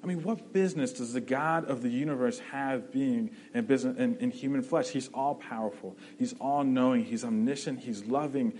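A male preacher delivers his sermon in a relaxed, conversational manner, often checking in with "right?" and circling back on his phrases. His voice sits at a middle pitch, with faint background noise. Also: normal speed, few pauses, poor audio. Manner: conversational, often asks 'right?', restarts phrases.

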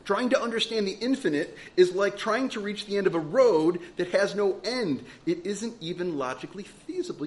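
Guy preaching a sermon, kinda high voice, really animated, keeps asking big questions. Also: moderate pace, hardly any pauses. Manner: rhetorical questions, emphatic and earnest. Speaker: pastor.

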